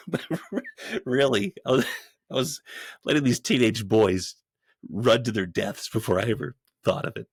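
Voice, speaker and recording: A man who is a podcast guest, telling a story in a rambling way with frequent restarts and growing animated as he goes. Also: lowish voice, moderate pace, gravelly, husky, no echo, studio quality. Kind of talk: storytelling in an interview.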